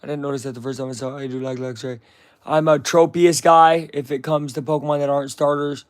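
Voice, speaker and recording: Commenting casually on a live stream as he reacts to a broadcast, a young American man talks in a slightly high, steady voice at a quick pace. He rambles and jokes in slangy talk, saying "bro" over and over.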